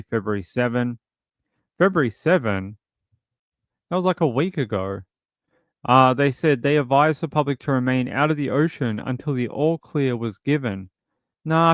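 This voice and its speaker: A man's voice: mid-range voice, no room sound, clean studio sound. A man hosting a true crime live stream, reading news and viewer comments with blunt, mocking commentary. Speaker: true crime show host.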